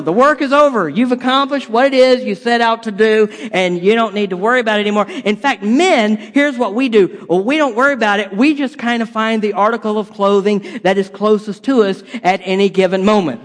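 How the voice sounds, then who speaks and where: A male pastor with a notably high voice delivers a playful sermon. He swings his energy hard, punching up the jokes and then dropping low and quiet for drama. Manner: animated, swings between loud punchlines and quiet dramatic drops. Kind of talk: humorous sermon.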